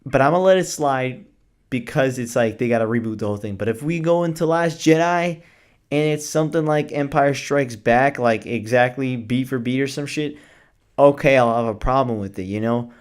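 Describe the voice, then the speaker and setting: A man's voice: medium pitch, normal speed. A man reviewing a film on his vlog, gushing and enthusiastic, with lots of casual filler words and the odd swear word. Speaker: movie reviewer.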